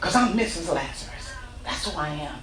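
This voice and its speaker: A woman minister preaching an impassioned sermon, telling the story with rising shouts, in a church sanctuary. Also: lowish voice, animated, normal speed, slight background noise. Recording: echoey church from far off.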